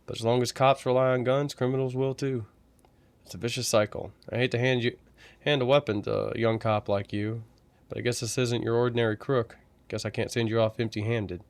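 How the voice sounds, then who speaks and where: A man's voice: medium pitch, level tone, a little fast, no room sound, natural voice. A man voicing a stern older male armory sergeant who lectures about guns.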